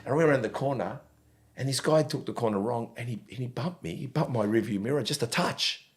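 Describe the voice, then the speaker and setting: Animated man, podcast host. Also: mid-range voice, fast, breathy edge. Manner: animated storyteller, swears casually, laughs often. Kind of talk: casual podcast chat.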